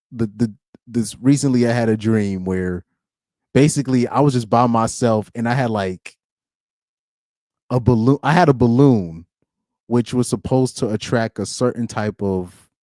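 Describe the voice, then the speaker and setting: A man's voice: mid-range voice, a little slow, pauses often, a little mellow, no room sound, studio quality. A young man hosting a live-streamed podcast in casual chat, rambling and laughing often between loose, filler-heavy sentences. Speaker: podcast host.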